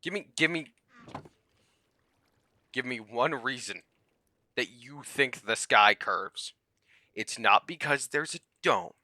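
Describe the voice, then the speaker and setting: Bright-voiced ranting man. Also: medium pitch, expressive, slow pace, pauses often, no echo. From United States. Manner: heated, sarcastic ranting that swings between loud yelling and muttering. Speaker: comedian vlogger. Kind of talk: comedic rant to camera.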